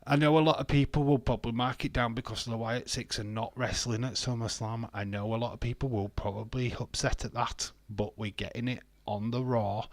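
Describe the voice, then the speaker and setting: A man's voice: mid-range voice, no room sound. Chatty British man, dry close sound. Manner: chatty, laughs often, sings and jokes to himself. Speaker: wrestling watch-along streamer. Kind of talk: casual live commentary, chatting with viewers.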